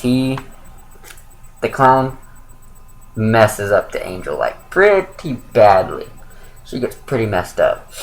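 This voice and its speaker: A man's voice: medium pitch, low-quality recording. A young man giving a casual, rambling spoken review of a comic book, with lots of fillers and self-corrections.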